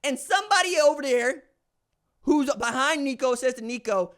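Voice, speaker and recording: A man's voice: extremely high pitch, moderate pace. A man hosting a solo podcast, talking in an emphatic, slangy way and acting out what other people say. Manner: animated, emphatic, slangy, acts out quoted voices. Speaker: podcast host.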